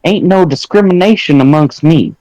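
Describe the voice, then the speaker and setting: A man's voice: a little high, normal speed, warm tone, no echo, muffled recording. Crude, joking young man co-host. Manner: crude, joking, slangy, swears freely. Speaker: podcast co-host. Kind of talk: casual chat.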